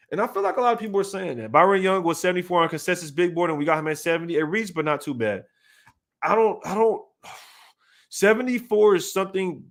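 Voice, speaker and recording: Animated slangy man hosting sports stream. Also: a little high. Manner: animated, repetitive, slangy, talks to chat by name. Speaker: sports channel host. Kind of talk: casual live-stream commentary.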